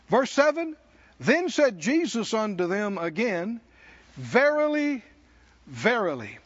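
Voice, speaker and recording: A male preacher delivering a sermon, leading the congregation in call-and-response with slow, emphatic lines. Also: high voice, sing-song, muffled recording.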